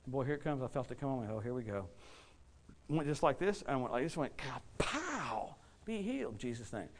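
Fast-talking animated male preacher. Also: mid-range voice. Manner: animated, dramatic swings between loud and hushed. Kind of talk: sermon storytelling.

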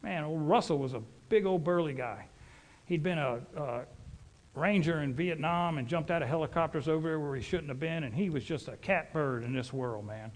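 A man's voice: on the high side, normal speed. A middle-aged man, preaching a sermon as a folksy, rambling storyteller.

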